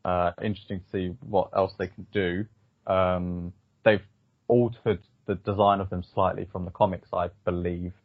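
Low husky man, hesitant. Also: flat delivery, normal speed, no room sound. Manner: hesitant, lots of ums and restarts. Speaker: podcast host. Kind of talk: casual film review chat. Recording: dull, slightly lo-fi dry sound.

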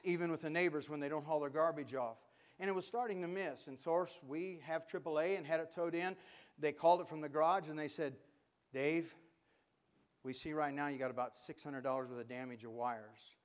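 An older man preaches a sermon in a high, smooth voice. He tells folksy stories, then rises to fervent exhortation.

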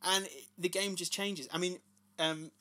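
Bright-voiced enthusiastic man. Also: high-pitched, moderate pace. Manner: enthusiastic, animated storytelling. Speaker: podcast co-host. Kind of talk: casual chat.

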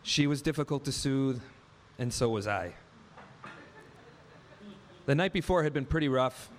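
Man, thirties, live storyteller, wry, vivid, acts out dialogue, mid-pitched voice. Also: animated, a little slow, a little hiss or hum. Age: 30s. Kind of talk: first-person story told live on stage.

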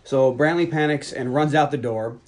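A man at a middle pitch, from Long Island, recapping a movie on a podcast. He rattles through scenes, quoting the characters in passing and tossing off jokes. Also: moderate pace, a little mellow. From Long Island, New York. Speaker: podcast host. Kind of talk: casual movie recap chat.

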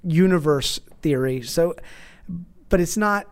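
A man's voice: a little high, slow, clear, resonant tone. A man in casual chat, telling a long story with many restarts and false starts.

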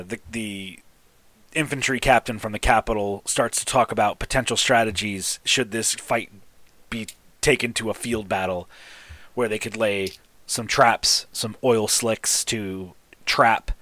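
A man narrating a tabletop game as game master, relaxed, with frequent fillers. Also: on the low side, no room sound.

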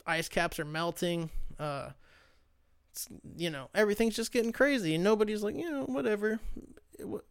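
Smooth-voiced young man ranting casually. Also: sits high, animated, normal speed. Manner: loose, profane, sarcastic ranting. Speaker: podcast host. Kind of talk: casual solo podcast chat.

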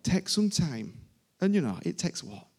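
A man's voice: on the high side, sing-song, unhurried, darkish tone, breathy edge. A man preaching a sermon to a congregation in an informal, emphatic way, repeating his phrases. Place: church service before a congregation.

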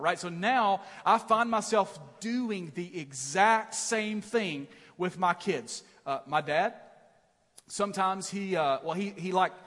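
A middle-aged man preaching a sermon as pastor, telling stories in an animated, self-deprecating way with many "right?" asides. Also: high-pitched, big-room sound. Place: large church auditorium.

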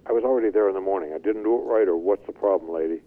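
Older man, low husky voice, lively storyteller, tinny phone-line sound. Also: very fast. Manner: animated, chuckling storyteller. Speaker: interview guest. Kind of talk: storytelling testimony.

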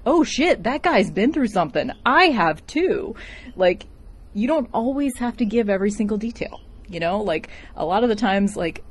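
A woman's voice: lowish voice, darkish tone, a little hiss or hum. A woman talking casually about a movie she watched, filling her talk with "like" and getting emotional. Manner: chatty, heavy use of "like", emotional. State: tearing up. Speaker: film reviewer. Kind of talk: casual film commentary.

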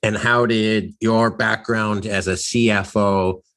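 A man's voice: lowish voice, fairly even intonation, takes it slowly, a bit bright. A man hosting a business podcast. He reads a scripted intro, then asks loose, rambling questions. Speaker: podcast host.

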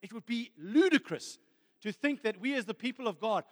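A man with a notably high voice preaches with fervour, leaning on "friends" and "amen" as he presses his point. His words ring out with a long reverb trailing behind them, as in a big hall. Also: lively intonation, moderate pace. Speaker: pastor. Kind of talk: sermon.

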